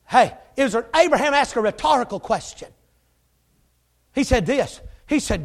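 A preacher with an unusually high voice delivering a sermon. He is folksy and emphatic, with joking asides, and often swells to shouting. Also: animated, moderate pace, gravelly, pauses often.

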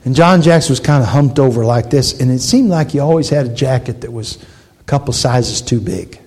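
A man's voice: medium pitch, a little fast, a little mellow, husky. Emphatic preaching man in his sixties. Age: 60s. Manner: emphatic preaching with dramatic storytelling. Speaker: pastor. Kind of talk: sermon.

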